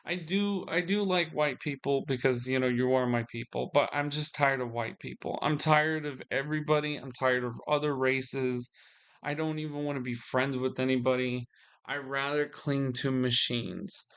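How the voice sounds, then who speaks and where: A man's voice: mid-range voice, fairly even intonation, moderate pace, a bit bright, smooth. A man venting to his audience in a solo video, weary and frustrated, often restarting his sentences. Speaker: vlogger.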